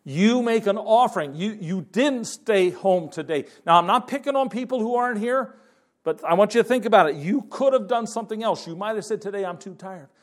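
High-voiced man preaching a sermon. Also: animated, fairly quick. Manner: conversational preaching with fillers and restarts. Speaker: pastor.

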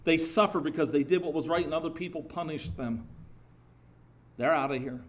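A middle-aged man preaching a sermon as pastor, earnest and lively, with rising emphatic bursts and some halting restarts. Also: on the high side.

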